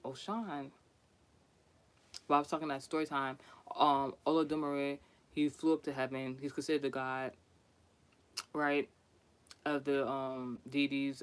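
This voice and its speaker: A man's voice: mid-range voice, clear, resonant tone. A man telling a story in a casual vlog, chatty and profane, laughing often and restarting his sentences. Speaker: vlogger.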